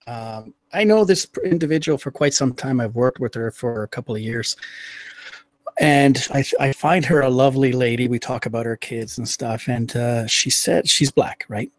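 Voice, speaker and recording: A man talks through a personal story in a casual, measured way. He stops often and restarts his sentences. His voice sits at an ordinary mid pitch, and the recording is dry and close with no room sound. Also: dry recording. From Canada. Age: under 60. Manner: measured, halting telling with frequent restarts. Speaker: livestream show host.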